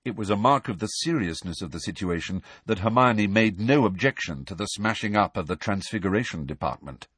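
Brief: male narrator, audiobook reading, lively pitch, dry sound. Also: a little fast, hardly any pauses, breathy edge, no echo. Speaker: reader.

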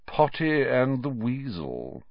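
A man's voice: mid-range voice, huge pitch swings, slow, dry recording, dull audio, pitched above the performer's own voice, full character voice. A man voicing a sneering schoolboy with a lazy drawl.

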